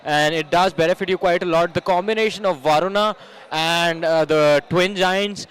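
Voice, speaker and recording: A man's voice: high voice, moderate pace, fairly bright tone, clean tone, rough recording. A man doing play-by-play commentary on a live esports match. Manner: play-by-play, counting down. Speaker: esports caster.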